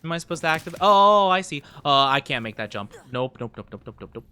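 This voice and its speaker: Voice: mid-range voice, lively intonation, fast talker, pushed and bright, clear, resonant tone. Giggly, chatty game streamer. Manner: chatty, giggly, talks to chat. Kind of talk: casual gameplay commentary.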